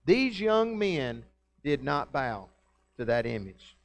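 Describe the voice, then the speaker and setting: A man's voice: medium pitch, very animated, slow pace, vocal fry. A male pastor preaching a conversational, folksy sermon in a church and often putting questions to the congregation. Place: church sanctuary.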